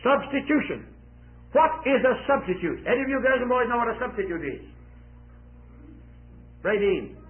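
A man with a high voice preaches a sermon built around an object lesson. He swings dramatically between loud and quiet, stopping to quiz the children listening. The sound is thin and boxy, like a lo-fi old recording. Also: expressive, moderate pace, long pauses. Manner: dramatic, with big swings in loudness and pitch; quizzes children in the audience.

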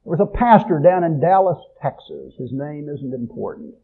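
A man preaching a sermon, swelling loud on key phrases and dropping low at the ends. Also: lively intonation, moderate pace, vocal fry, husky. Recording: tinny phone-like audio.

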